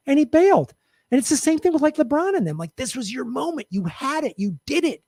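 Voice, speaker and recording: A man's voice: sits high, very animated, fast talker, darkish tone, no echo. Impassioned, profane man ranting, dry sound. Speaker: podcast host. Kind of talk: political commentary rant.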